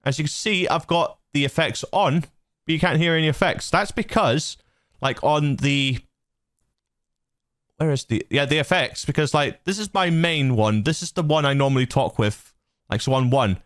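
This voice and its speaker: A man's voice: fairly high pitch, normal speed, a bit bright, no echo. Male channel host, casual rambling tutorial on a dynamic studio mic, dry sound. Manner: loose and rambling, lots of fillers and restarts. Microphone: dynamic studio mic through a mixer.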